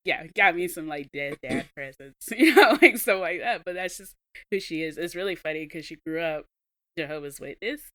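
A woman's voice: on the low side, lively intonation, moderate pace, fairly bright tone, no room sound. A woman co-hosting her podcast in chatty, casual talk, with many fillers and laughs. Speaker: podcast co-host. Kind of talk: casual chat.

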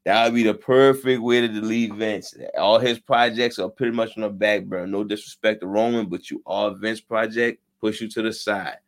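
A man's voice: on the low side, fairly even intonation, normal speed, hardly any pauses. A man co-hosting a casual wrestling podcast, talking bluntly with slang and profanity. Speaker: podcast co-host.

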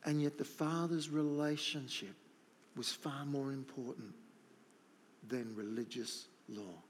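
A man's voice: medium pitch, takes it slowly, a little hiss or hum. A middle-aged man preaching a sermon, emphatic and repeating his key points. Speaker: pastor.

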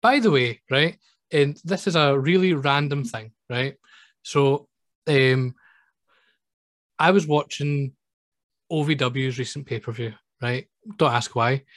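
A man's voice: medium pitch, slow, long pauses, fairly bright tone, no echo. Male podcast co-host, rambling storyteller, mid-range voice, dry sound. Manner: rambling storyteller, peppers talk with "right?" and "um". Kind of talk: casual chat.

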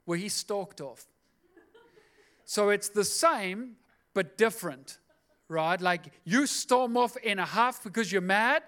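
Brief: male pastor, high pitched, casual sermon with playful asides. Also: takes it slowly, sharp tone. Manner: chatty, jokey asides.

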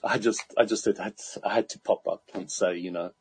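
A man's voice: fairly low pitch, quick pace, husky, no room sound. A man in casual chat, telling an anecdote with lots of laughter and acted-out quotes. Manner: animated anecdote-telling, laughs often, acts out quoted people.

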